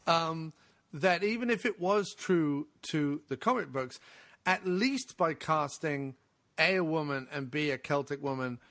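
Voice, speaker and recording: Opinionated man with a higher voice. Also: unhurried. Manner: opinionated, animated, swears freely. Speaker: podcast co-host. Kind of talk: casual podcast discussion.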